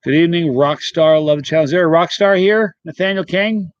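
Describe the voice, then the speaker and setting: Middle-aged male streamer, slightly high voice, rambling chat, dry close mic. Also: fairly quick, no room sound, lo-fi sound. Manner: chatty, rambling, greets viewers by name. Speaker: channel host reading live chat. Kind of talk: casual live-stream chat.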